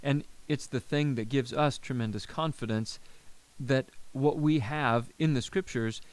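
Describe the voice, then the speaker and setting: A man co-hosting a Bible-teaching podcast who talks in a lively, joking way. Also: medium pitch, no room sound. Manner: lively, quick to joke. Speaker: podcast co-host.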